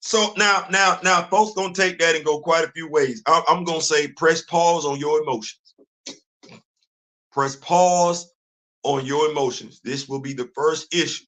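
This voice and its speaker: A man hosting a comics show, talking casually to his viewers in an animated way, repeating himself and getting loud when worked up. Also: on the high side, moderate pace, poor audio.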